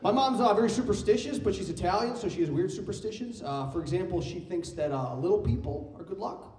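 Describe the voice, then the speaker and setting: A man's voice: sits high, lively intonation, fast talker, darkish tone, a little hiss or hum. A young man performing a stand-up comedy set in a club, talking to the crowd in a brash, loose and playful way. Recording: roomy live club sound, distant mic. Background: audience laughter.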